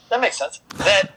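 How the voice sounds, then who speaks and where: A man's voice: high-pitched, sharp tone, a little hiss or hum, rough recording. A man co-hosting a casual podcast, joking and rambling. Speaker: podcast co-host.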